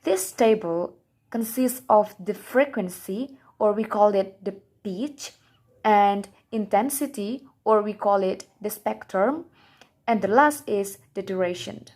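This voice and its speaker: A woman's voice: medium pitch, takes it slowly, a little mellow. A young woman, a student whose first language is Indonesian, reading her class presentation aloud from a script in a careful way.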